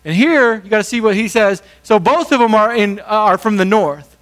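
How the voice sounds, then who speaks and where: A man preaching a sermon as pastor, talking conversationally and briefly acting out the people in the story. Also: sits high. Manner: conversational, animated, acts out quick voices.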